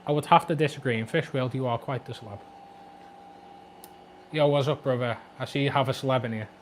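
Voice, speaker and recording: A man in his twenties with a Scouse accent, chatting quickly and jokily on a livestream about his aquarium, reading out viewer comments. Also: mid-range voice, slight background noise. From Liverpool, England. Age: 20s. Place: flat at home.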